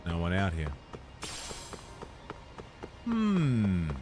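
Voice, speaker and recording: A man's voice: sits low, wildly swooping pitch, extremely slow, music in the background. A man streaming a video game, chatting casually with viewers, laid-back and swearing freely. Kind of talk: casual let's-play chat.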